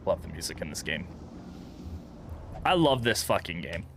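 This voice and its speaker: Bright-voiced young man, profane gameplay chat. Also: deep voice, sing-song, moderate pace, slight background noise. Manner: chatty, profane, laughs often. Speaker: gaming streamer. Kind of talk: casual let's-play commentary.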